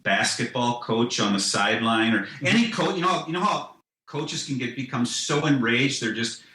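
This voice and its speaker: A man's voice: mid-range voice, expressive, normal speed, pushed and bright, reverberant, slight background noise, poor audio. A man talking in a casual podcast conversation, rambling with many restarts and "you know"s, and laughing at his own ideas. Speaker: guest, comic writer.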